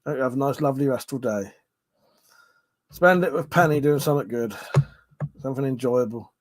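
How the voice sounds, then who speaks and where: A man with a mid-range voice hosts a casual live stream, talking a little fast as he reads out viewer comments. He's rambling, sweary and jokey, yawning and short of breath.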